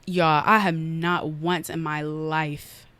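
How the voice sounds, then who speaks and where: A young woman hosting a casual podcast retells a story fast and animated, acting out her own outbursts. Her voice sits low, there's no room sound, and she records on an iPad set on an unsteady stand.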